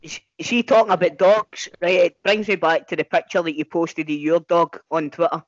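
A Glaswegian man co-hosting, asking cheeky questions and laughing often. His voice sits a little high, and it comes through dry and close but dull, like a lo-fi home call. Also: steady tone, normal speed, no echo. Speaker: podcast co-host. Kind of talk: casual podcast interview. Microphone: home call over video chat.

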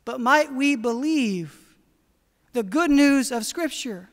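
A woman's voice: sits high, expressive. Earnest woman preaching in a reverberant church. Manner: earnest, slows down for emphasis. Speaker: pastor. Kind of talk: sermon.

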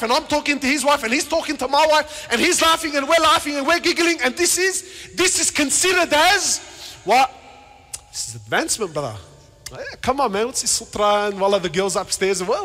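A man preaching a passionate sermon, swinging between shouted questions and quiet asides, with Arabic words and casual slang mixed into his speech. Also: very high-pitched. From Lebanon. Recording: reverberant hall.

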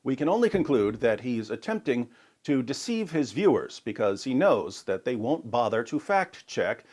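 A man narrating a scripted argument in a measured, explanatory way with a light sarcastic edge. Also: medium pitch, very animated, darkish tone. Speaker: narrator of a clip.

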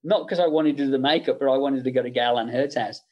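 A man's voice: mid-range voice, fast talker, lo-fi sound. A middle-aged man, a makeup effects artist, chatting casually in an interview and telling anecdotes with many fillers.

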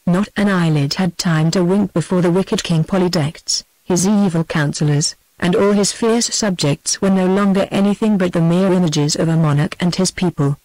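A synthetic text-to-speech woman's voice with a British English accent, reading a storybook in an even, measured way. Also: on the low side, no echo, low-quality recording. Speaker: audiobook narrator.

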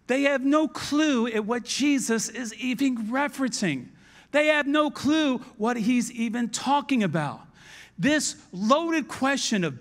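Man, 50s, pastor, sermon, high voice, animated, acts out dialogue.

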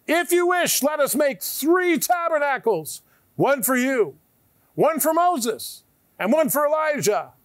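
A man's voice: extremely high pitch, slow, no room sound, voice pushed up, heavily acted. A man voicing an impulsive adult male apostle who eagerly blurts out a proposal. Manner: excited, shouting.

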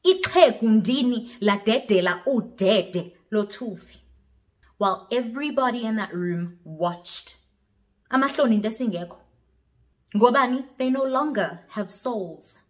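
A woman's voice: a little high, animated, measured pace. A young woman tells a story in a dramatic vlog style. She switches languages mid-sentence, and her voice sits a little above the usual for a woman. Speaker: vlogger.

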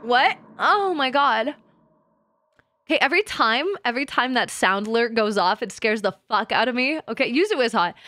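A woman's voice: on the high side, bright, forceful tone, dry recording, studio quality. A woman streaming as a VTuber in casual chat, swearing freely and breaking into laughter often. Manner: profane and giggly, swears often and laughs a lot.

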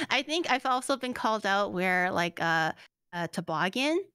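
A woman's voice: medium pitch, very animated, a crowd in the background. A woman guest on a casual livestream chat, playful and giggly. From Canada. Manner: playful, giggly, quick banter. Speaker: guest streamer.

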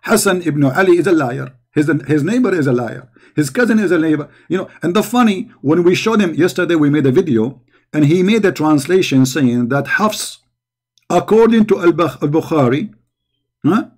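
A man speaking somewhat high, commenting on a video he is reacting to. He mocks and argues back in a sarcastic way, often repeating words with heat. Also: animated, moderate pace, darkish tone.

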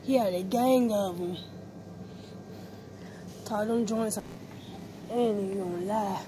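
Speaking slowly in a medium pitch, a woman talks to herself in slang while shopping indoors at a discount store for a casual vlog. She's a little out of breath behind her face mask, and the phone recording picks up plenty of store noise.

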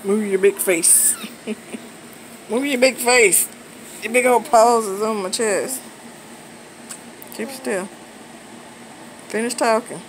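Slow, teasing grandma-style woman. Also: fairly high pitch, low-quality recording. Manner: teasing, laughing often, sing-song. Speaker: grandmother babysitting toddlers. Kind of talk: playful baby talk to toddlers. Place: home, indoors. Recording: steady air-conditioner hum behind.

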